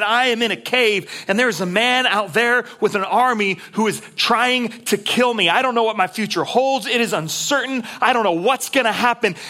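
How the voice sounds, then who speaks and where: A preacher acting out an overwhelmed man crying out to God in prayer, pleading and desperate. The voice sits a little high and comes across bright and forceful.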